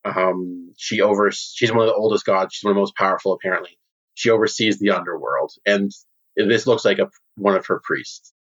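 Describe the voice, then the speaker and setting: A man's voice: lowish voice, fairly quick, a bit bright. A man narrating a tabletop game as game master, casual and full of fillers. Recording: dull lo-fi sound.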